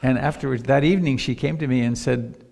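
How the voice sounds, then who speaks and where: Older male meditation teacher, gravelly voice, long hall reverb, reflective storyteller. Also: medium pitch, a little fast, a little mellow. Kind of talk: live dharma talk.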